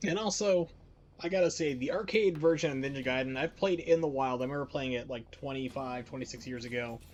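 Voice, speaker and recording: Man streamer, mid-pitch, rambling wry gameplay chatter, faint music underneath. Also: brisk, a little mellow, highs cut off. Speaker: game streamer. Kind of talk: casual gameplay commentary.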